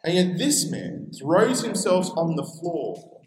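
An Australian man preaching a sermon in a relaxed, conversational way, now and then acting out the voices he quotes. His voice sits fairly high, and the room around him rings with echo. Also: slow, a little hiss or hum. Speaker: pastor.

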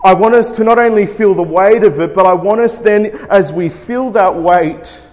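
Male preacher, slightly high voice, earnest and measured, long hall reverb. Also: darkish tone. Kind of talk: sermon.

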